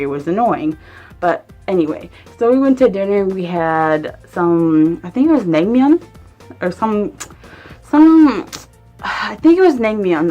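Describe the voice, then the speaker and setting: A young woman vlogger telling a casual story. She rambles and swears freely, and fills her sentences with "like". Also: deep voice.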